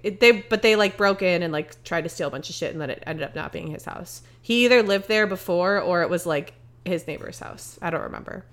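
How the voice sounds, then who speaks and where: A woman's voice: on the low side, a little fast, fairly bright tone. Chatty young woman, rambling podcast storyteller. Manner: rambling, filler-heavy storytelling. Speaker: podcast co-host. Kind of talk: casual chat.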